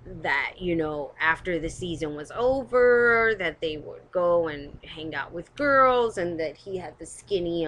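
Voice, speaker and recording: A woman's voice: on the low side, pushed and bright. A woman giving casual, opinionated commentary as host of her own live stream. She talks bluntly, swears, and rambles with lots of hedging, recorded on a webcam. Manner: blunt and rambling, swears, hedges with "I don't know".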